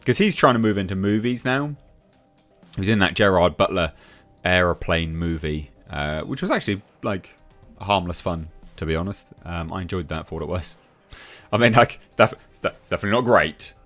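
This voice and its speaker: A man's voice: animated, a little fast, fairly bright tone, soft background music. Scornful ranting man. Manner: scornful, sarcastic, ranting, voice jumps high when worked up. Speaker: YouTube movie news commentator. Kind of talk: opinionated rant to camera.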